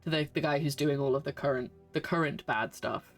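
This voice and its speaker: A woman's voice: low voice, brisk. Brief: woman game streamer, casual, exasperated, sarcastic, faint game music behind. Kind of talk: casual gameplay commentary. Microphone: desk microphone. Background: game audio.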